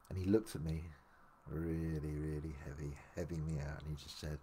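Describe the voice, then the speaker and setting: An older man telling his memoir aloud, meandering with many restarts and dropping quieter for asides. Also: flat delivery, normal speed, husky. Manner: meandering, full of restarts, drops low for asides. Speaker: memoir narrator. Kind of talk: rambling spoken memoir storytelling.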